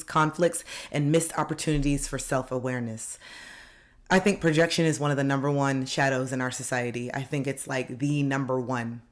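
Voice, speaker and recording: A woman life coach giving an earnest, direct motivational self-help talk, repeating key phrases for emphasis. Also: low-pitched.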